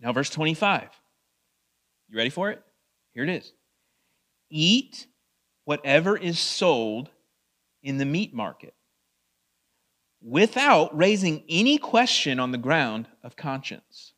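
A man preaching a verse-by-verse sermon in a conversational way, asking the audience questions and reading scripture slowly with drawn-out emphasis. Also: fairly high pitch, sing-song, a bit bright. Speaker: pastor. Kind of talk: expository sermon.

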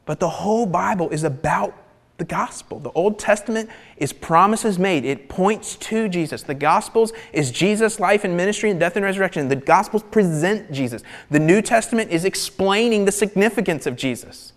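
Animated preacher man in a reverberant hall. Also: sits high, moderate pace. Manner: animated, emphatic, drops to near-whispers for emphasis. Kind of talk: sermon.

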